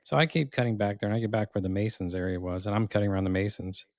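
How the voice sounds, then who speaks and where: Gravelly fast-talking man in casual chat. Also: fairly low pitch, no echo, clean studio sound. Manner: relaxed, rambling anecdotes with drawn-out fillers. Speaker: podcast co-host.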